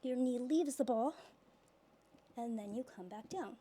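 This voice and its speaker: A woman's voice: a little high, a little slow, mellow. A woman leading a pilates workout class, giving exercise cues while she works out herself and gets out of breath. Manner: cueing exercises while working out, breathy exhales. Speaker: pilates instructor.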